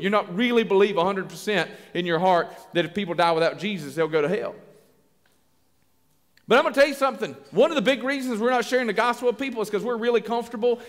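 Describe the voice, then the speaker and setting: Male pastor, high-pitched, folksy and lively, reverb of a large church hall. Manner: folksy, animated, acts out little dialogues. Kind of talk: sermon.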